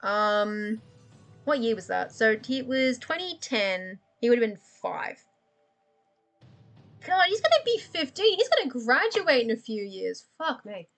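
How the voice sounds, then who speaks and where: A young woman rambles through a casual livestream chat, blunt and sweary, breaking into laughter as she talks. Her voice sits a little higher than most, with faint music playing underneath. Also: sing-song, unhurried, creaky, a bit bright. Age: young adult. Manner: candid, profane, laughs often. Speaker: livestream host.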